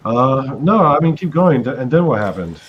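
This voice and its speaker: Halting man on a dull line. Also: medium pitch, big pitch swings, crowd noise. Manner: hesitant, halting questions with fillers. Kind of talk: casual conversation.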